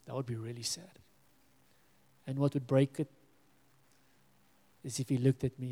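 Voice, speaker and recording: A man's voice: medium pitch, little pitch movement, unhurried, long pauses, mellow, long reverb tail. A man preaching a sermon as pastor, earnest and pleading, sometimes dropping to a near-whisper.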